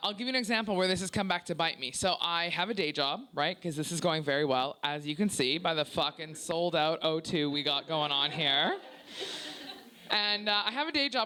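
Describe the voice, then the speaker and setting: Loud, brash Canadian woman doing stand-up. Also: fairly low pitch, clean tone. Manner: loud, brash and profane, teasing the crowd. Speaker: stand-up comedian. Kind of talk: stand-up set at a work-in-progress preview. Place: small comedy club before a live audience.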